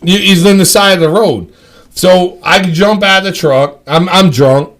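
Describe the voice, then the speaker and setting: A man's voice: sits high, measured pace, a bit bright. A man telling a rambling, profane story among friends. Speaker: storyteller on a live stream.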